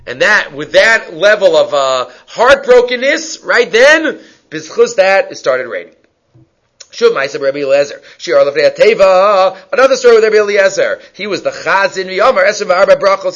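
A man's voice: high voice, fairly bright tone. A man teaching a Talmud class, reading Aramaic lines and explaining them in English, asking and answering his own questions. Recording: dull lo-fi recording.

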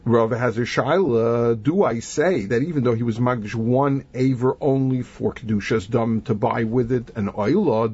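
A man's voice: medium pitch, moderate pace, a little mellow, slightly rough. A man with a Yeshivish accent teaching a Talmud lesson, reasoning aloud through the argument and using many Hebrew and Yiddish terms. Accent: Yeshivish English. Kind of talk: Talmud lesson, analytical explanation. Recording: dull lo-fi recording.

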